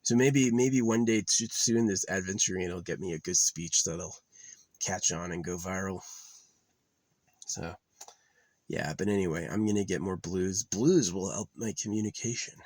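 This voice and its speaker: A man's voice: low-pitched, moderate pace, a little mellow, dry recording, low-quality recording. A man vlogging in a casual, rambling monologue, talking off the cuff with plenty of profanity.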